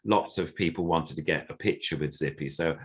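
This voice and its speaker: Older man, very low voice, rambling anecdote, lots of ums, puppeteer guest. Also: brisk, husky. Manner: rambling storyteller with many fillers, acting out quotes. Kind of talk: casual anecdote.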